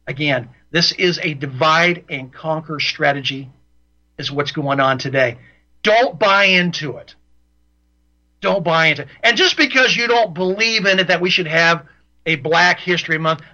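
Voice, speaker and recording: Radio host, man, high and piercing voice, heated and repetitive, dull broadcast sound. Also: pushed and bright. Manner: ranting, repeats himself for emphasis. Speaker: radio talk show host. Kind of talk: opinionated radio monologue.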